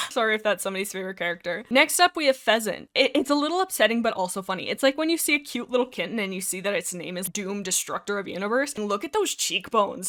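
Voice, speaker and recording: A woman giving playful, theatrical comic commentary in a casual video, full of quick jokey asides. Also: medium pitch, expressive, fairly bright tone. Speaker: video creator.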